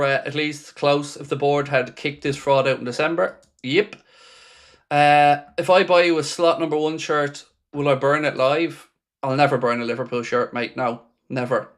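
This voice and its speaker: A man's voice: fairly high pitch, fairly bright tone. A man with a slightly raised voice hosts a live football watchalong from a home streaming setup. He reads viewer messages aloud and answers each one with dry, sarcastic fan commentary. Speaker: watchalong host.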